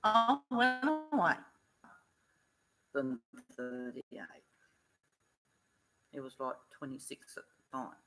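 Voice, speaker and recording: A woman's voice: very deep voice, very animated, slow pace, long pauses, fairly bright tone, faint music behind, rough recording. A middle-aged woman vlogging, earnestly retelling events in blunt, casual talk. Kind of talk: casual storytelling vlog.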